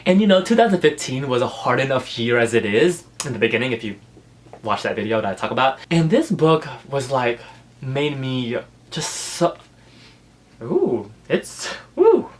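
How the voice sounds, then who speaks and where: A man chatting on his book vlog, gushing and emotional, filling his talk with fillers and laughing through the feeling. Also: medium pitch. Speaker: book vlogger. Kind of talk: casual book review vlog.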